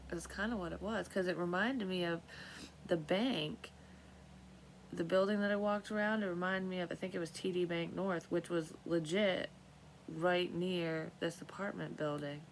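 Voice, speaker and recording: A woman's voice: on the low side, steady tone, unhurried, slight background noise, poor audio. A woman telling her dreams in a casual, rambling monologue, swearing freely and often trailing off and restarting. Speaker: vlogger sharing dream readings.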